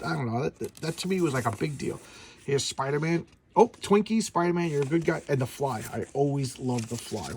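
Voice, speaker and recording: A man's voice: on the high side, slight background noise. A middle-aged man chatting casually about old comics, enthusiastic and rambling, with lots of stammered restarts. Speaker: comic collector host. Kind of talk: casual comic review chat.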